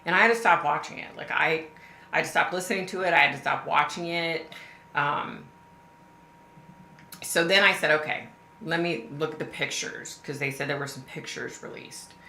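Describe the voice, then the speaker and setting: Low-voiced woman chatting on a live stream. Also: normal speed, gravelly, sharp tone, echoey room, slight background noise. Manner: chatty and emphatic, addresses viewers directly. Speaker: livestream host. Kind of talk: casual live-stream chat to viewers.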